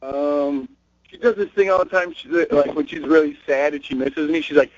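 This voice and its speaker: A man's voice: a little high, fairly even intonation, normal speed, no room sound. A young man being interviewed as a guest, joking and teasing as he tells stories about his girlfriend. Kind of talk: casual interview chat. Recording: muffled dry web radio audio.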